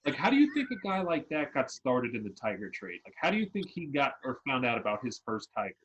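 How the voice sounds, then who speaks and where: A man's voice: mid-range voice, big pitch swings, fast, fairly bright tone, slight background noise, poor audio. A man co-hosting a casual podcast chat, rambling and filling his talk with "like". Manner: rambling, peppered with "like". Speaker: podcast co-host.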